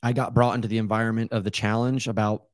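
A man's voice: lowish voice, level tone, fast talker, no room sound, clean studio sound. A man hosting a podcast, talking candidly and searching for words in a casual interview. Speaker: podcast host.

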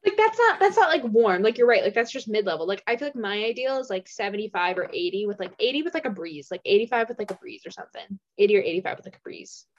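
A woman's voice: mid-range voice, expressive, fast, few pauses, dull audio. A young American woman co-hosting a casual chat podcast from a small room, bubbly and rambling, saying "like" a lot. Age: young adult. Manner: bubbly, rambling, heavy use of "like". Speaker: podcast co-host. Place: small dorm room with thin walls.

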